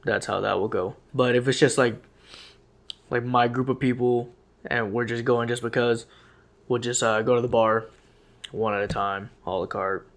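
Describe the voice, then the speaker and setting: A man's voice: medium pitch, normal speed. A young man co-hosting a podcast, recounting things loosely in casual chat. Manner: relaxed, loose retelling with fillers and laughs. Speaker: podcast co-host.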